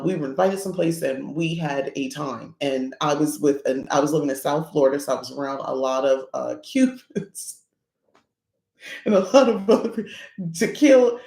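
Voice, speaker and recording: A middle-aged woman hosts a podcast in a loose, chatty storytelling way. Her voice has a gravelly fry to it, and she acts out quoted people in her stories. The sound is roomy and echoey. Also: low-pitched, mellow. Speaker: podcast host. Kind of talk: casual chat.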